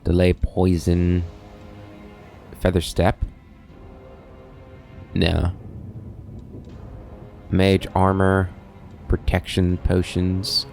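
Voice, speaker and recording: Low-voiced male let's play host, musing through a game over soft music. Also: completely flat delivery, very slow, creaky, pauses often. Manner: thinks aloud, reads game text. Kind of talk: gameplay commentary.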